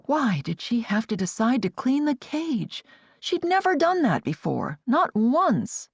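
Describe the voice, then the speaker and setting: A woman narrates an audiobook with expressive, varied intonation. Her pitch moves a lot across each line. The recording is close and dry. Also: a little slow, husky, dry recording.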